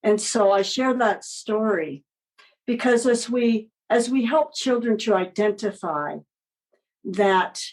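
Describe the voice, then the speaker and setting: Expressive woman telling a story. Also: fairly high pitch, slow pace, poor audio. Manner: expressive storyteller, gentle and encouraging. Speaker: guest, children's book author. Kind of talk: podcast interview storytelling.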